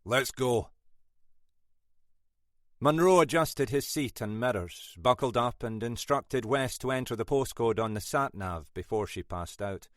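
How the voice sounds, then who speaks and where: A man narrating a mystery audiobook in a measured storytelling style. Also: mid-range voice, a bit bright, no echo, studio quality.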